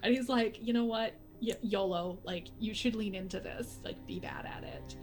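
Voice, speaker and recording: A woman's voice: mid-range voice, moderate pace, soft background music. A woman talking as a guest in a casual chat, telling stories with frequent laughter. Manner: laughs often, animated storytelling.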